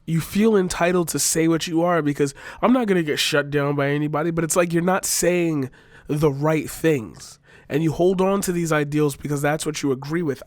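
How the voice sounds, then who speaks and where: Young man, fairly high voice, exasperated vlog rant, swearing, dry sound. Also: no echo. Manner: exasperated, profane, sarcastic. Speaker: vlogger. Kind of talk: frustrated opinion rant to camera.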